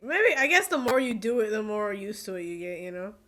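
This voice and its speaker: A woman giving casual, excitable commentary while reacting to a film, often exclaiming. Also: mid-range voice, a little fast, crowd noise. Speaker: movie reaction creator.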